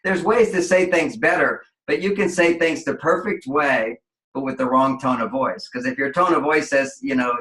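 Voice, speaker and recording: A man's voice: medium pitch, normal speed, a bit bright. A man guest on an interview show, explaining relationships in an expansive way and acting out quoted voices. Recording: echoey room.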